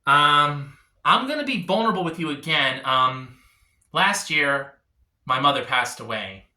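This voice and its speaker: Animated male stand-up comedian, echoey room. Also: a little high, unhurried. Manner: jumps between voices, animated storytelling.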